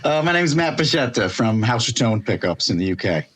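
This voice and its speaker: A man from Connecticut, a guest on a podcast, talking in a relaxed, self-deprecating way. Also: mid-range voice, fairly quick, slightly rough. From Connecticut, USA. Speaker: guest, pickup builder. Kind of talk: casual interview.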